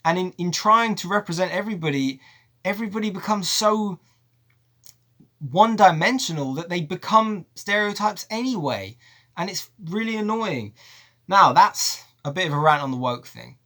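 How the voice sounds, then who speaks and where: Man, film reviewer, profane exasperated rant, bright voice, lively pitch. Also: moderate pace. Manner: animated, profane, exasperated ranting. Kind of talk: ranting video review.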